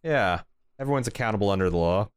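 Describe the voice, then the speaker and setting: Man, lowish voice, smooth and resonant, dry close sound, casual podcast recap. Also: expressive, no room sound. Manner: profane, jokey recapping with quick impressions. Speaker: podcast co-host.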